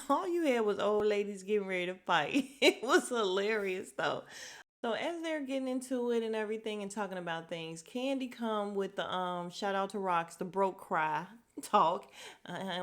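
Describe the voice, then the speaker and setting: A woman chats through a reality TV recap on her podcast. Her voice is mid-pitched and easygoing. She laughs often and jumps high in pitch when she quotes people. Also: animated, normal speed. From Chicago. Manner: chatty, laughing, quoting others in bursts of high pitch. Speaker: podcast host.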